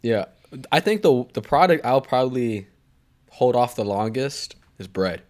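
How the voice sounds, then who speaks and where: A man's voice: mid-range voice, lively intonation, unhurried, a little mellow. Rambling young man telling stories. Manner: rambling storyteller, swears often, trails off on tangents. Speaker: podcast co-host. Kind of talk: casual chat.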